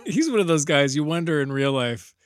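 A man's voice: on the high side, big pitch swings, a little fast, no room sound, studio quality. A man co-hosting a podcast, chatting casually about old movies, rambling through recollections and laughing a lot. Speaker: podcast co-host.

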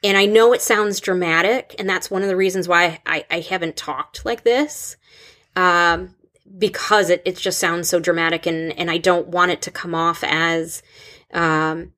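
A woman in her thirties, a school counselor hosting a podcast, talking in a halting, open way with many restarts. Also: fairly low pitch, steady tone, fairly bright tone. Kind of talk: casual podcast conversation.

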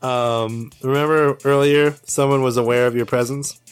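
A man's voice: mid-range voice, fairly even intonation, normal speed, smooth, faint music behind. Laid-back man running a tabletop game. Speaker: game master.

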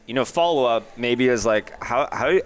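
A man's voice: medium pitch, lively intonation, moderate pace. A man hosting a casual interview, asking long, winding questions full of fillers. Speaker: podcast host.

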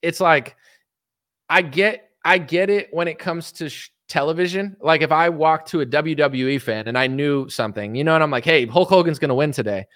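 A man's voice: a little high, normal speed, a bit bright, no echo, studio quality. Exasperated man in his thirties ranting. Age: 30s. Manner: exasperated ranting, mocking others in put-on voices. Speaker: political commentator. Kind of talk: casual monologue.

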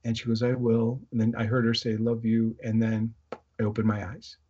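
A middle-aged man, a guest on an interview show, recounting a dream experience in a halting way with many fillers and restarts. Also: mid-range voice, monotone, mellow, slight background noise. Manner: halting, many fillers and restarts, quotes voices while telling a story. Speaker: guest, electronics inventor. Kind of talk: casual interview storytelling. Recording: slightly muffled lo-fi audio.

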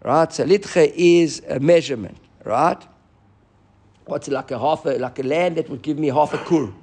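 A man teaching a Talmud class, animated and often restarting as he explains. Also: fairly high pitch, moderate pace, husky. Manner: animated, restarts often, mixes Hebrew and Aramaic terms.

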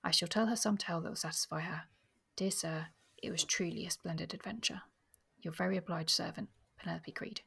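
A woman's voice: lowish voice, fairly even intonation, brisk, gravelly, hardly any pauses, a bit bright, husky. A woman reading passages from a novel aloud with expression, sometimes dropping almost to a whisper, and talking about the book.

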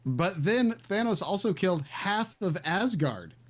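Man, co-host, casual movie chat, enthusiastic, jokey, somewhat high voice. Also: very animated, a little slow. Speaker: podcast co-host.

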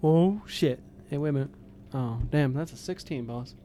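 A man's voice: fairly high pitch, normal speed, warm tone, slight background noise. A man playing a tabletop game, joking and swearing casually. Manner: joking, profane banter. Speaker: player. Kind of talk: casual chat.

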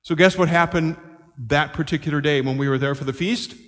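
Older priest with a fairly high voice, telling a story in his homily, long church reverb. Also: brisk. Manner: animated, acts out quoted voices.

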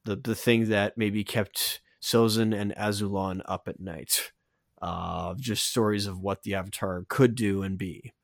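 A man with a somewhat low voice, chatting casually as a podcast co-host. He rambles and restarts his sentences often. The sound is dry and close. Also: steady tone, a little slow, gravelly, no room sound. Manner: rambling, many restarts and fillers. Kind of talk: casual chat, scene-by-scene breakdown.

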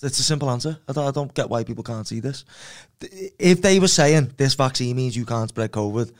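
Blunt, insistent fighter. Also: male voice, mid-range voice, lively intonation, a little fast. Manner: blunt and insistent, repeats his points. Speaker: fighter, podcast guest. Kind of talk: casual chat.

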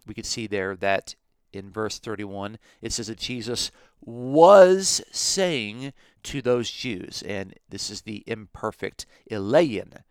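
A man's voice: lowish voice, animated, slow pace, clean tone, no echo, clean studio sound. A man teaching a podcast Bible lesson, explaining his points methodically and step by step.

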